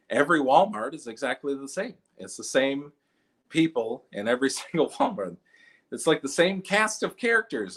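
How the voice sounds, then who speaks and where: A man's voice: a bit bright, slightly rough. A young man from Minnesota doing an online stand-up set from home, loose storytelling that jumps into quoted voices. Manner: loose storytelling, acts out quoted people in jumpy high voices. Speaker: stand-up comedian.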